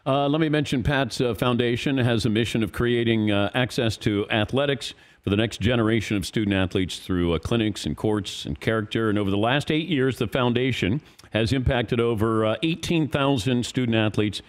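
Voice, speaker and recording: A man hosting a sports radio talk show, asking brisk, joking questions. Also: mid-range voice, smooth. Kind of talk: casual radio interview.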